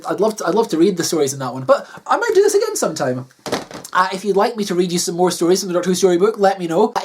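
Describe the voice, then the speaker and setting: A man hosting his own video channel, wrapping up in a rambling, casual way and repeating words as he searches for them. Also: sits high. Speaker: YouTuber host.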